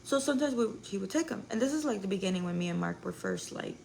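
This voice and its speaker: A woman's voice: mid-range voice, expressive, quick pace, creaky, darkish tone, slight background noise, rough recording. A young woman telling a rambling story to her live viewers, full of "like" and swearing. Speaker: live streamer.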